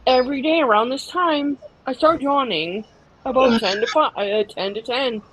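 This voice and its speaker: A woman's voice: sits high, moderate pace, crowd noise, low-quality recording. A woman in a casual live chat who reads facts aloud and reacts squeamishly.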